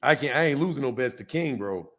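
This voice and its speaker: A man's voice: mid-range voice, animated, quick pace, a bit bright. A retired man from Omaha hosting a casual boxing livestream, talking loosely with lots of slang, laughing and answering chat. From Omaha, United States. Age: older.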